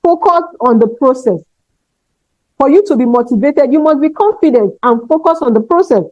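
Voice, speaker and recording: A woman's voice: high voice, lively intonation, moderate pace, a little mellow, no room sound. A woman giving a motivational talk to teachers, emphatic and often checking in with her listeners. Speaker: conference speaker for teachers. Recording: dull, dry, lo-fi sound.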